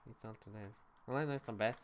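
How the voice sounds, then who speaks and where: A man's voice: on the low side, fast, slight background noise. A young man livestreaming a video game, chatting loosely with his viewers, answering chat and cursing offhandedly. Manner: loose and offhand, reads chat aloud, swears casually. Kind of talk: casual gaming stream chatter.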